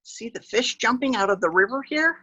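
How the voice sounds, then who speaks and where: A woman reading a picture book aloud to children as a park educator, gently pointing to the pictures and adding animal sound effects. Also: fairly high pitch, animated, brisk, slightly rough, no room sound, lo-fi sound.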